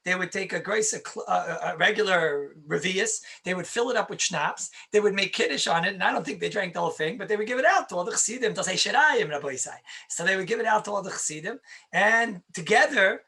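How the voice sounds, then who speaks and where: A man's voice: sits high, expressive, fast, bright, forceful tone. A man, a rabbi, teaching Jewish law in a conversational lecture, stressing points by repeating them and answering his own questions.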